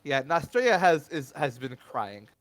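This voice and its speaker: Bright-voiced game master, hesitant. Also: male voice, a little high, very animated, a little slow, no echo. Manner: hesitant, lots of fillers and restarts. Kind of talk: narrating a tabletop game.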